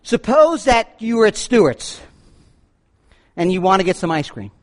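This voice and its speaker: A man preaching a sermon, animated, swinging between booming lines and low asides. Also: moderate pace. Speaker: pastor.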